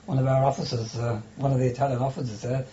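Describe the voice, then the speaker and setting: Older male interviewee, mellow voice, hesitant delivery, dull lo-fi tape. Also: mid-range voice, little pitch movement, a little hiss or hum. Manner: halting, hesitant with many restarts and fillers. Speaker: interviewee, former prisoner of war. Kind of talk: oral history interview.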